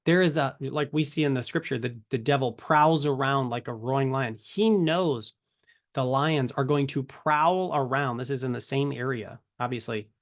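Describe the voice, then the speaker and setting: A man's voice: medium pitch, moderate pace. A man giving a casual Bible teaching to camera, conversational and full of rhetorical questions. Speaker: ministry teacher.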